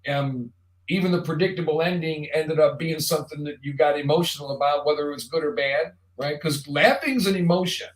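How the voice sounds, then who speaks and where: A man's voice: fairly high pitch, a little fast. A man hosting a live online show, talking casually in a rambling, jokey monologue straight to the viewer. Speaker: show host. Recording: roomy echo.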